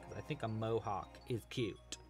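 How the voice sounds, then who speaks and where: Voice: mid-range voice, normal speed, music in the background. A crochet teacher hosting a casual live crochet-along, chatty and enthusiastic, rambling a bit with restarts. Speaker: crochet teacher and livestream host.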